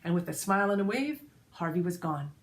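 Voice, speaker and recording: A woman storyteller telling a folk tale to children, expressive and speaking straight to her listeners. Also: on the low side, a little fast. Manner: expressive, addresses listeners directly.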